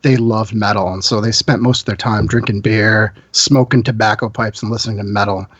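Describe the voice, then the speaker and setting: A man's voice: fairly low pitch, steady tone, a little fast, fairly bright tone, no echo, muffled recording. A man in his forties from central New York, talking as a podcast guest. He is eager and chatty and tells stories easily, and his voice sounds dry and close to the mic. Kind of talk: casual chat.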